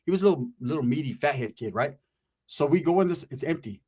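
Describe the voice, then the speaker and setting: A middle-aged man telling a profane comic story in a crude, animated way, dropping in bits of mock singing. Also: on the high side, fast talker, husky. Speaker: comedic storyteller.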